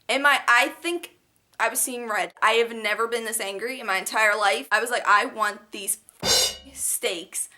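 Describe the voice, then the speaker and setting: A woman's voice: on the high side, normal speed, pushed and bright, soft background music. A young woman vlogger telling an indignant story in a chatty way, full of fillers. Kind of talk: storytime vlog.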